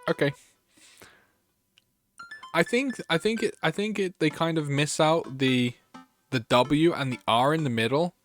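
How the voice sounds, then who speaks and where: Lively man streaming a dating game. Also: mid-range voice. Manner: reads game text aloud, chats to viewers. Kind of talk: gaming livestream chat.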